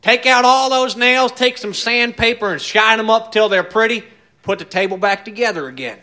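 A man voicing a cantankerous old male scoutmaster who barks gruff orders and rambles. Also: high-pitched, moderate pace, bright, forceful tone. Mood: gruff scolding. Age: older.

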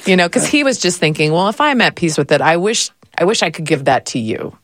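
A woman's voice: fairly low pitch, very animated, brisk, dry recording. Candid woman, close dry sound. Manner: candid, laughs often. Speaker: podcast guest. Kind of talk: casual conversation.

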